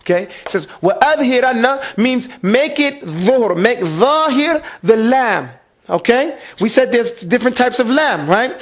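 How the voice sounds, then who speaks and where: High-voiced man teaching a class. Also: expressive, normal speed. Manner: asks the class questions and drills them to repeat. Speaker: Quran recitation teacher. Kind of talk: classroom lesson.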